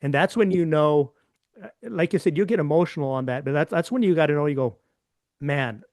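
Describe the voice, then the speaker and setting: A man's voice: on the high side, brisk, darkish tone, no echo. A man hosts a conversational interview, thinking aloud and repeating words as he goes. His voice sounds dry and close, with no room around it. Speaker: podcast host.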